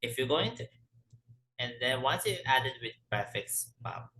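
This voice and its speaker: A man's voice: medium pitch, big pitch swings, bright, forceful tone, reverberant, rough recording. A man teaching a language lesson, explaining word by word with frequent restarts and self-corrections. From Philippines. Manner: halting, corrects himself often.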